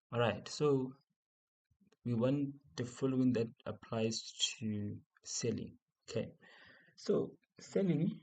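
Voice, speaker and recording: A South African man with a South African accent works through exam questions as a teacher in a revision lesson. His mid-range voice is darkish and slightly rough, and the recording is rough too. He repeats key points and asks and answers his own questions.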